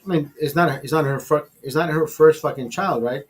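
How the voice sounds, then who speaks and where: A man hosting a casual podcast, telling a long profane story in a rambling, animated way. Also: on the high side, brisk, breathy edge. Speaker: podcast host.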